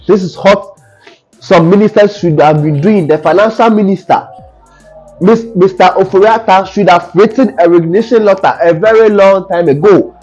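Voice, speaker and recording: A man's voice: high-pitched, darkish tone. Indignant Ghanaian man commenting on news. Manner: indignant, fires off rhetorical questions. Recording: dull lo-fi audio with faint music.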